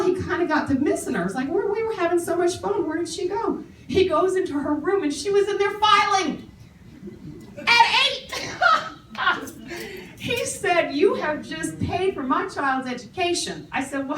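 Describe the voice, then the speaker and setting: Woman speaker, animated storyteller who acts out quoted voices, fairly high voice, picked up from across a roomy hall. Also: a little hiss or hum. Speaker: speaker on paper clutter. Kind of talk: storytelling talk to an audience. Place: meeting room before a live audience. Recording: echoey room, voice from far off.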